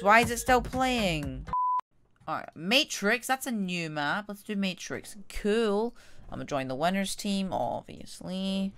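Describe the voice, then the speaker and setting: A woman giving casual gameplay commentary as a gaming YouTuber, excitable and trash-talking, shouting at enemies. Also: fairly low pitch, a little slow, faint music behind.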